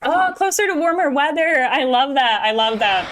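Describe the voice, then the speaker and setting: A woman's voice: high voice, expressive, moderate pace, a bit bright, soft background music, poor audio. A young woman streaming a game, chatting casually with her viewers and laughing often. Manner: bubbly, chatty, laughs often, talks to chat. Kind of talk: casual gameplay chat.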